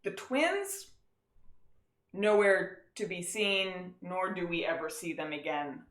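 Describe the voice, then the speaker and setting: A woman co-hosting a podcast, casually recapping a movie as an animated storyteller who acts out scenes in quick voices. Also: on the low side. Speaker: podcast co-host. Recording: roomy echo.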